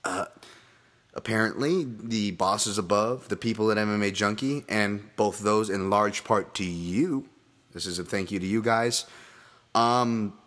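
A man with a somewhat low voice hosts a solo podcast. He talks loosely and rambles from tangent to tangent, swearing casually and often laughing at himself. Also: steady tone, unhurried, fairly bright tone. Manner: rambling, profane, self-deprecating, laughs often; many fillers and restarts, tangents. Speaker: podcast host.

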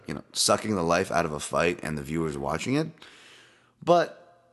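A man's voice: sits low, fairly bright tone. A man hosting a podcast, giving casual fight-betting commentary in a rambling, profane, worked-up way.

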